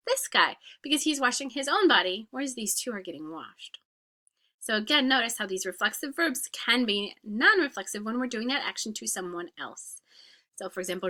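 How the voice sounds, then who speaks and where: Bright-voiced woman teaching French. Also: fairly high pitch, animated. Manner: explains patiently, with quick French examples and asides. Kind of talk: grammar lesson.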